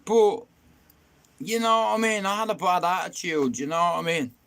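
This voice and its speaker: A young man with a raised, fairly high voice tells a long story on a live stream. He rambles and swears freely, and he keeps checking in with "you know what I mean". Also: animated, moderate pace, creaky, a bit bright, slight background noise. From Ireland. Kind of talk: casual storytelling to viewers.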